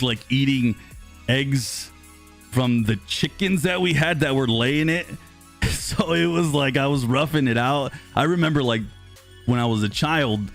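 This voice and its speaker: Man in his thirties, chatty stream host, rambling casual talk, voice going hoarse, faint background music. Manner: chatty and rambling, lively pitch swings when greeting viewers. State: losing his voice, clearing throat. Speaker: streamer host reading live chat. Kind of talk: casual live-stream chat.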